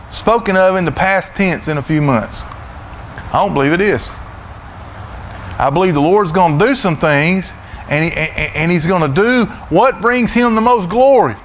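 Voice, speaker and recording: A middle-aged man with a Southern US accent preaching a sermon in a church, folksy and loud, often repeating his words as he goes. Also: high-pitched, a little hiss or hum. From Florida, USA. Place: church sanctuary.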